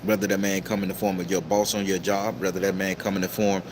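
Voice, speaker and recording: A man hosting a casual livestream and reading out viewer comments, talking in a profane, preachy, emphatic way with sudden high-pitched outbursts. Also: flat delivery, quick pace, background noise. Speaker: tarot reader and livestream host.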